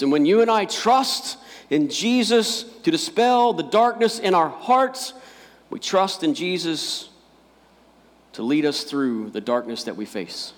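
A man's voice: on the high side, lively intonation, measured pace, in a large hall. A male pastor preaching a sermon, emphatic and repeating key phrases for weight.

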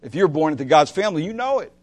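Pastor, male, sermon; slightly high voice, impassioned, swings loud to hushed, questions the listeners. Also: very animated, racing. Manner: asks the listeners direct questions.

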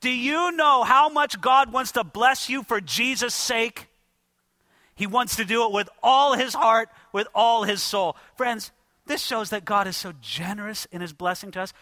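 A man's voice: very high-pitched, measured pace, bright, forceful tone, no echo. A man preaching an expository sermon, emphatic and addressing his listeners directly. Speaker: pastor.

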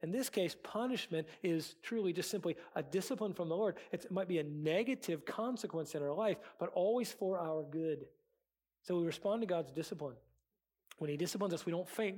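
A man's voice: high voice, fairly quick, a little mellow, husky. A man preaching a sermon as pastor, earnest, acting out quoted prayers and excuses.

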